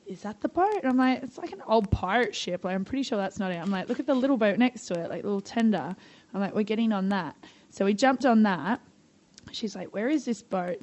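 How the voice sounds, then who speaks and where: A woman's voice: mid-range voice, a little mellow, low-quality recording. Chatty Australian woman telling stories. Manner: bubbly, chatty, swears freely. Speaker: podcast guest. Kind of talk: casual storytelling.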